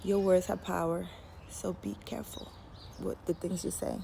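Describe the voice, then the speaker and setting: A woman's voice: on the low side, little pitch movement, moderate pace, vocal fry, noisy background. A woman casually telling a personal story to camera, chatty and candid, laughing at herself now and then. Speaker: spiritual storyteller.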